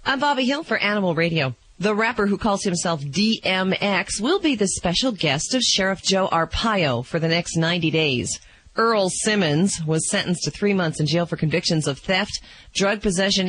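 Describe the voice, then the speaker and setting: A man's voice: high voice, fairly bright tone, rough recording. A man reading pet news on a radio show, breaking in with jokey asides. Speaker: news reporter.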